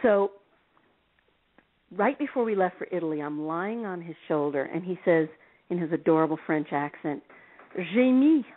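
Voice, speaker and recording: A woman guest on a radio call-in show, telling stories in an animated way and laughing often. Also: on the low side, moderate pace. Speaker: relationship expert guest. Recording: tinny phone-line sound.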